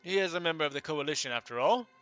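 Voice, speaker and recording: A man's voice: on the high side, animated, very fast, fairly bright tone, dull audio, soft background music, voice pushed up. A man voicing a confident army captain giving orders in a tabletop game. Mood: commanding.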